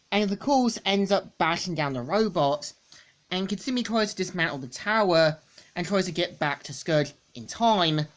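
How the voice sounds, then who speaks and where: Woman going over a comic plot, kinda low voice, says "and of course" a lot. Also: lively intonation, moderate pace. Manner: rambling, repeats stock phrases. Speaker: comic book reviewer. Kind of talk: casual plot recap.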